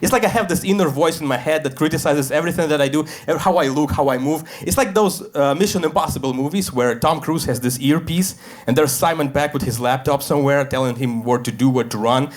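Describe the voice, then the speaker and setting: A man in his thirties from Russia, with a Russian accent, doing a deadpan stand-up set in English on a comedy club stage, with fillers and small slips. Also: fairly high pitch, quick pace, few pauses.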